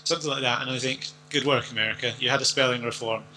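A man's voice: medium pitch, steady tone, fast talker, sharp tone, a little hiss or hum, low-quality recording. An Englishman co-hosting a podcast, chatting casually in a rambling, joking way. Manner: rambling, jokey, puts on silly accents. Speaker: podcast co-host. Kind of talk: casual chat.

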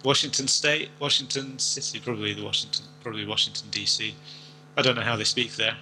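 Bright-voiced man, rambling chat. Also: lowish voice, steady tone, quick pace, a little hiss or hum, rough recording. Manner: rambling, jokey, puts on silly accents. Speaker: podcast co-host. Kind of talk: casual chat.

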